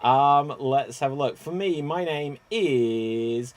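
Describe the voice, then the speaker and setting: A man hosting an online improv comedy show, animated and given to loud exclamations. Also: mid-range voice, slow pace, noisy background. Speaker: improv game host.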